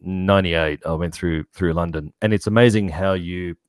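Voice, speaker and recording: A middle-aged Australian man with a very low voice talks in a rambling, easygoing way as an interview guest. The recording is dry and close, with no room sound. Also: normal speed, clear, resonant tone, dry recording. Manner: rambling, laid-back. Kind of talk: casual interview chat.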